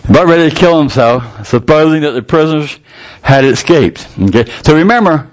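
A man's voice: fairly high pitch, expressive, brisk. Older man, preaching a sermon, folksy colloquial delivery, fervent. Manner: folksy, colloquial storytelling with rising fervor.

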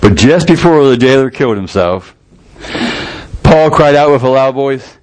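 A man's voice: medium pitch, expressive, moderate pace, darkish tone. Older man, preaching a sermon, folksy colloquial delivery, fervent. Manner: folksy, colloquial storytelling with rising fervor.

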